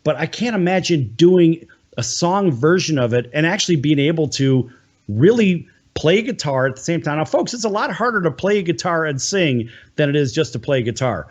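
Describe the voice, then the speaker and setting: A male talk-show host with a slightly raised pitch welcomes viewers and guests in an eager, promotional way. The recording sounds a little dull and lo-fi. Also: expressive. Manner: enthusiastic, promotional, quick asides.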